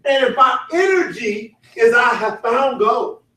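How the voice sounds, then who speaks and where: A man leading a motivational sales training, shouting, laughing and getting the crowd to answer back. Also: very high-pitched, expressive, unhurried. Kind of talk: motivational seminar talk. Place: large event hall. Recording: echoey hall, voice from far off.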